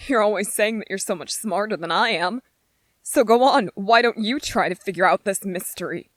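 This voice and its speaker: A woman's voice: medium pitch, moderate pace, a bit bright, dry recording, close to an everyday voice. A woman voicing an irritable young male soldier trainee in a whispered role-play, speaking with biting sarcasm and strained patience. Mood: sarcastic.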